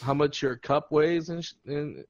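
A man's voice: fairly high pitch, a little slow, dry recording, dull audio. A man telling a funny story in casual podcast chat, laughing and acting out what people said. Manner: animated, laughing, acts out quotes. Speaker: podcast host.

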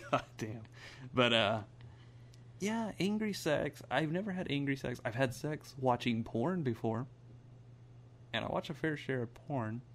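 A man's voice: mid-range voice, expressive, measured pace, pauses often, fairly bright tone, a little hiss or hum. Laid-back man swearing in casual chat.

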